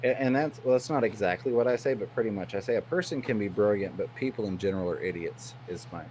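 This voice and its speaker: A man's voice: lowish voice, fast talker, noisy background. A man talking as a stream guest, in long-winded, earnest casual chat.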